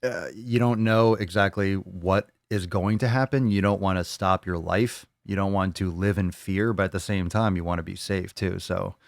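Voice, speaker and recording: Man, podcast host, brash joking hype talk, low voice, dry close sound. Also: fairly even intonation, moderate pace, vocal fry, few pauses, dry recording. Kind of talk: casual livestream podcast.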